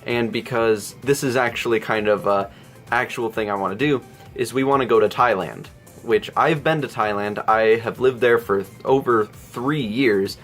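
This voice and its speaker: A man's voice: medium pitch, moderate pace, a bit bright, faint music behind. A young man casually answering viewer questions in a vlog, joking and self-deprecating.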